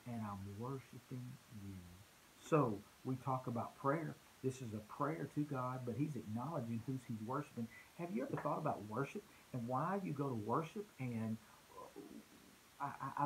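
A man's voice: mid-range voice, a little hiss or hum, poor audio. A man preaching a conversational sermon in church, earnest, often repeating words as he restarts a thought.

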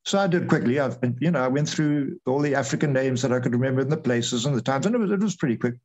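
An older man, a retired air force officer, recounting events as an interview guest, animated and acting out what others said. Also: mid-range voice, fast, poor audio. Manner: lively retelling, acts out quoted voices. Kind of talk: storytelling interview.

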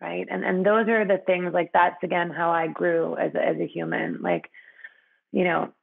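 A woman's voice: fairly low pitch, little pitch movement, moderate pace, gravelly, phone-quality sound. A woman guest in a conversational interview, speaking frankly with many fillers and frequent laughter.

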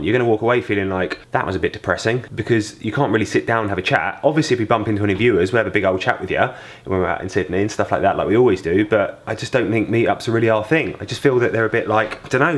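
A young English man talking casually to camera on a family vlog, relaxed and self-mocking. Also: fairly low pitch, very fast, few pauses. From England. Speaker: vlogger.

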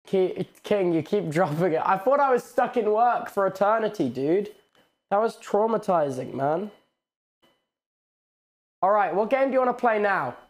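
A man casually chatting while streaming VR games, excitable and rambling, swearing a lot, on a headset mic. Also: high-pitched, normal speed. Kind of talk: casual gaming stream chat.

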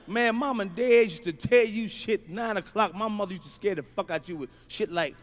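A man doing a loud, profane stand-up comedy routine, telling stories with sudden shouts. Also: sits high, moderate pace, hardly any pauses.

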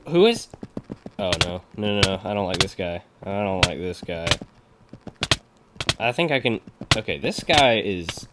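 Excitable young man, animated gameplay commentary. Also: on the low side, background noise. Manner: excitable, laughs a lot, talks to opponents. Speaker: gaming commentator.

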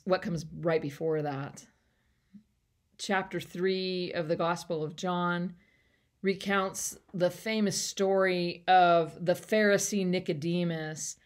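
A woman pastor giving a short devotional talk and prayer in a conversational, reflective way with light laughter. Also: on the low side.

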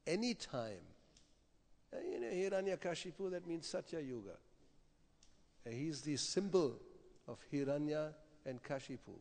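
A man gives a conversational scripture lecture, his gravelly, creaky voice carrying through the long reverb of a temple hall. He keeps checking in with his listeners through quick rhetorical asides. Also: mid-range voice, a little mellow. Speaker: spiritual teacher giving a scripture class.

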